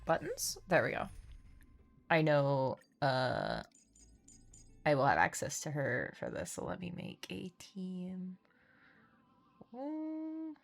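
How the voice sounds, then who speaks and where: Slow-talking bubbly woman streamer. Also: sits low, huge pitch swings, vocal fry, soft background music. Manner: bubbly, gushing, giggly. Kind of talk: casual live-stream chat.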